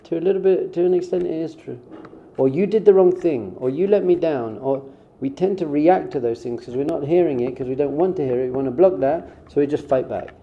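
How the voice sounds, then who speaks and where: A man's voice: a little high, fairly quick, hardly any pauses. A man who is a rabbi, giving a conversational spiritual talk in an informal way and acting out short quoted exchanges. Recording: dull, muffled sound.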